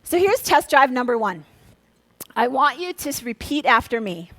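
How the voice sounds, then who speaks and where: High-voiced, energetic woman speaker from Minnesota. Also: moderate pace, no echo. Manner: energetic, coaxing, leads the crowd in call-and-response; drops to a hushed, soft voice for a quiet exercise. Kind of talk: motivational talk to a live audience.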